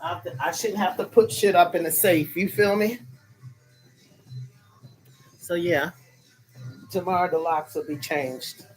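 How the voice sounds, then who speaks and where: A man's voice: high-pitched, steady tone, unhurried, long pauses, poor audio. A man chatting with viewers on a casual phone live stream from his bed, rambling, annoyed and profane while sweet-talking his audience. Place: in bed at home under a cover. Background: faint music from another room.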